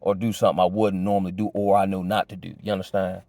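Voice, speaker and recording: A man's voice: low voice, little pitch movement, quick pace, a little mellow, dry recording. A man giving life advice in a casual monologue, laid-back and slang-heavy, often checking in with "you know what I'm saying". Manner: reflective and earnest. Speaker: vlogger sharing life advice.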